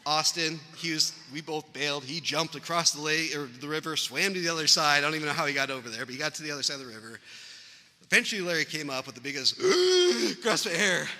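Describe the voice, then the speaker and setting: A man's voice: fairly high pitch, fast, pushed and bright, big-room sound. A man from Idaho giving a rambling, anecdotal funeral eulogy about his father figure, chuckling as he tells family stories. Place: funeral venue hall.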